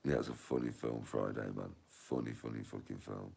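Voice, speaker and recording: A man's voice: a bass voice, fairly even intonation, brisk, gravelly, mellow, slightly rough. A man with a Birmingham accent, rambling crudely and laughing often as he chats. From Birmingham, England. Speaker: streamer.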